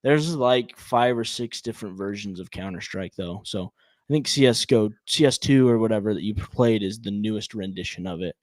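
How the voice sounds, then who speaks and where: A man's voice: lowish voice, normal speed, a little mellow, dry recording, studio quality. A man co-hosting a podcast in casual chat, laid-back and easygoing. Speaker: podcast co-host.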